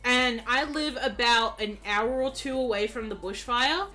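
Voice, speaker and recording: Bright-voiced Australian woman streamer. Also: fairly high pitch, a little slow, faint music behind. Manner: chatty, giggly, rambling. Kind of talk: casual chat while gaming.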